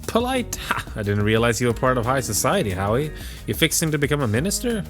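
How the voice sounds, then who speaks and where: A man voicing a sarcastic, teasing young woman, pitched well above his own voice. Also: sing-song, fast talker, fairly bright tone, faint music behind.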